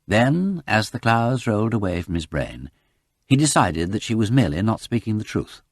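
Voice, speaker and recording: A man narrating a mystery novel as an audiobook in an expressive, animated storytelling style. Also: lowish voice, normal speed, no room sound, studio quality. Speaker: audiobook reader. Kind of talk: scripted narration.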